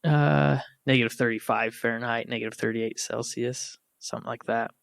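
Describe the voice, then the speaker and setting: American podcast host, casual storyteller, dry close sound. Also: male voice, medium pitch, moderate pace, vocal fry, no room sound. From United States. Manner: animated storyteller, laughs and acts out quotes. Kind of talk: casual storytelling among siblings.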